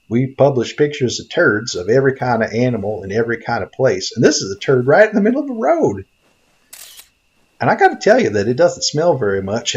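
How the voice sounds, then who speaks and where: A man with a medium-pitched voice, recorded with dull audio, plays a naive, bumbling greenhorn hunter and photographer from Tennessee. His lightly acted comedic game commentary rambles along in a folksy, easily excited way, delivered as a gaming video narrator.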